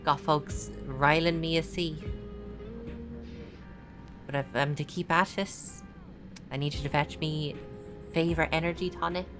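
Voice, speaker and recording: A gruff, bone-tired workman with a put-on British regional twang, as a woman streamer voices him. He talks bluntly and colloquially, and his low voice sits at the bottom of a woman's range. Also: fairly even intonation, a little slow, long pauses, music in the background. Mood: gruff, weary. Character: sleepless, gruff working man with a northern British twang. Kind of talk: reading game dialogue aloud.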